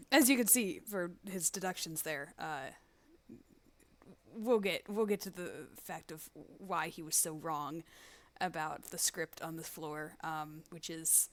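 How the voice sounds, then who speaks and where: A woman giving casual, rambling, self-deprecating commentary while playing a game. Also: low-pitched. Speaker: let's play host. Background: loud game music.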